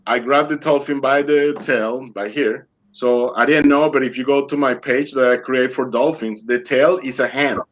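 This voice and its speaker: Speaking at normal speed with hardly any pauses, this man has a mid-range voice and fairly even intonation. As a guest in a casual storytelling interview, he performs his quoted lines vividly while his non-native English grammar stays loose, all over muffled call audio.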